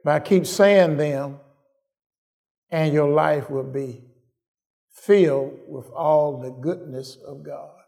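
A man's voice: a little high, takes it slowly, creaky, pauses often, dark tone. A man preaching a sermon in a call-and-response manner, often asking "Am I right?" and repeating his phrases for emphasis.

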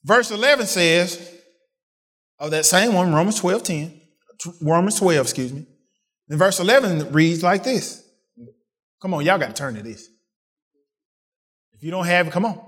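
A man preaching a sermon, asking the congregation questions and swinging from excited peaks to quiet asides. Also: normal speed, long pauses. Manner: call-and-response preaching, rising to excited peaks then dropping low.

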